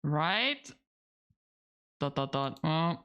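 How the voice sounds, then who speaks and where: A woman's voice: low-pitched, sing-song, extremely slow, a bit bright, smooth, dull audio. A woman streaming a game, reading its narration aloud and reacting with laughs and casual swearing. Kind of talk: let's play commentary, reading game text aloud.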